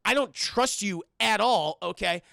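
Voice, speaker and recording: A man's voice: high-pitched, a little slow, gravelly, sharp tone, dry recording, clean studio sound, heavily acted. A man voicing a menacing, distrustful male crime boss who speaks in threatening, clipped lines.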